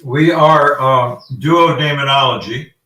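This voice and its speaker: A man's voice: mid-range voice, slow, pushed and bright. Man, casual explainer, rambling with fillers, distant mic, echoey room. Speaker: guest demonologist. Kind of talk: casual live-stream talk.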